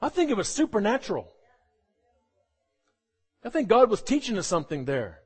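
A man preaching a sermon, animated and jokey, often acting out the voices of the people he quotes. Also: sits high, moderate pace, breathy edge. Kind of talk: sermon with humorous asides.

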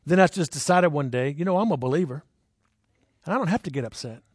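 Guy preaching, kinda chatty, keeps asking the crowd stuff, a bit high voiced. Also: animated, fast, slightly rough, no room sound, clean studio sound. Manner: conversational, asks the crowd questions; jumps into high voices when acting out people. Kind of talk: sermon with personal stories.

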